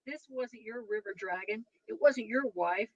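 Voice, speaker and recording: A man's voice: sits high, normal speed, a bit bright, no echo, dull audio. A woman voicing a hot-tempered young husband who blusters and threatens. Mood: furious.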